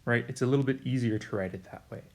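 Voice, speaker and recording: A man teaching a recorded math lesson in an easygoing, chatty way, with a voice of middling pitch for a man. He speaks straight to his students, checking in with them often and joking about his own slips as he works through the steps. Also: quick pace.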